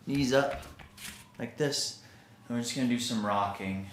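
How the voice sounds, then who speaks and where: A man teaching a theatre class, guiding a breathing and vocal warm-up in a slow, calm, soothing way. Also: mid-range voice, slight background noise. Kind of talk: guided vocal warm-up instruction. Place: indoor room, recording himself on camera. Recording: echoey room.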